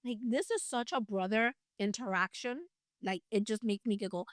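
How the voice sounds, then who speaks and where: A woman's voice: mid-range voice, moderate pace, no room sound, studio quality. A woman retelling a Bible story in a casual, chatty way, with playful asides. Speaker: Bible teacher.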